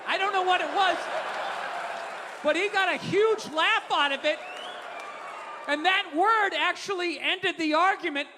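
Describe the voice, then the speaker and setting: A man ranting through a profane stand-up set, his voice high-pitched and sharply bright. He lurches from shouted outbursts to muttered asides, with a long hall reverb behind him and a faint hum of noise. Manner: ranting, profane, shifts between loud outbursts and low asides. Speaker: stand-up comedian. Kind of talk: stand-up comedy routine. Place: live comedy venue. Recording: live venue hall reverb.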